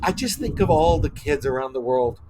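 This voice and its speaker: A man's voice: medium pitch, lively intonation, a little fast, a crowd in the background, rough recording. A middle-aged man from South Texas, a podcast guest telling a personal story earnestly and getting teary, often repeating his words. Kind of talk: emotional storytelling interview. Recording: faint background noise.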